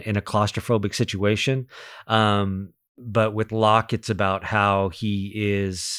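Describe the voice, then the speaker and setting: A man with a fairly low voice co-hosts a laid-back movie podcast. He thinks out loud, circles back on his words and laughs easily. His voice sits close to a dry mic. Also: clear, resonant tone, no room sound. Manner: thinking aloud with fillers and restarts, easy laughs. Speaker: podcast co-host. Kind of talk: casual movie-ranking chat.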